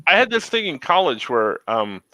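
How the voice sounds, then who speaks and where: Bright, lively-voiced man telling stories. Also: a little high, brisk, no echo, low-quality recording. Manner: animated storyteller, acts out dialogue. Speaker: host. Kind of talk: casual chat.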